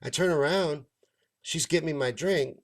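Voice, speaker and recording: A man's voice: a little high, normal speed. A man, a stand-up comedian, telling a long story in a casual rant, swearing freely and acting out the lines of the people in it. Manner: profane, animated, acts out others' lines. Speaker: stand-up comedian and show host.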